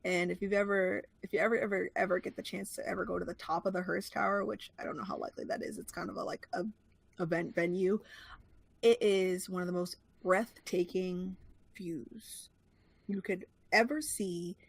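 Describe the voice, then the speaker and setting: A woman's voice: fairly low pitch, fairly even intonation, moderate pace, gravelly, husky. A woman from the New York suburbs, a guest streamer talking in a casual chat, full of fillers and little laughs. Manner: chatty, lots of fillers and laughs.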